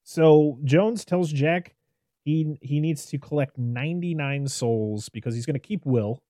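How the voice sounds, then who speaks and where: A man hosts a relaxed podcast film discussion, talking in loose, rambling runs full of restarts. His voice is warm and mellow. The sound is dry and close. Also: on the high side, unhurried, no room sound. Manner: rambling and animated, lots of "like" and restarts. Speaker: podcast host reviewing a film. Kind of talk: casual chat.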